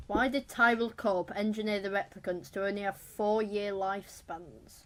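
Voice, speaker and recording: A woman co-hosting a podcast, chatting casually and reading out quiz questions in a brisk way. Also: mid-range voice, fairly even intonation, fairly bright tone, a little hiss or hum. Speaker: podcast co-host and quiz reader.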